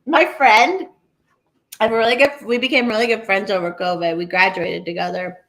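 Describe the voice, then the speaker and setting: A young woman co-hosting a podcast, telling stories in casual, animated chat full of swearing. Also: mid-range voice, unhurried. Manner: animated, profane, storytelling. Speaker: podcast co-host.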